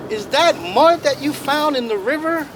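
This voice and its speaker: A calm, curious creator spirit speaks, as a man puts him on in a fairly high, easygoing voice. Loud road traffic hums behind the outdoor telling. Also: normal speed. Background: traffic noise.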